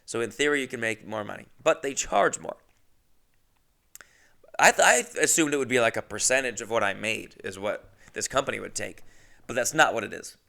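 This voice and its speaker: A man's voice: medium pitch, lively intonation, normal speed, gravelly, sharp tone. A man hosting a podcast who tells a rambling, profane, self-mocking comic story. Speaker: podcast host.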